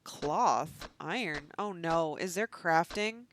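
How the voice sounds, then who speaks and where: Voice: mid-range voice, expressive, slow pace, a bit bright, slight background noise. A game streamer giving casual, self-mocking commentary and reading menus aloud while playing. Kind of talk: casual let's-play commentary.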